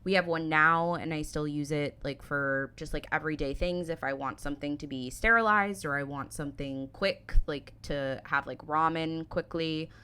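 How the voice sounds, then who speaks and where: Low-voiced chatty American woman. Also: steady tone, moderate pace, hardly any pauses, pushed and bright, clear, resonant tone. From United States. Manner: chatty, many fillers like "like". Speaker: reaction channel host. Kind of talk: casual chat reacting to a video.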